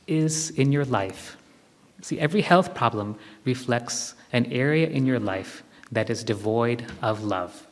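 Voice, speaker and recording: A man giving a live spiritual talk to a group, gently instructive and repeating his key phrases. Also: medium pitch. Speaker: spiritual teacher. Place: large hall with long reverb. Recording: long hall reverb from a live talk.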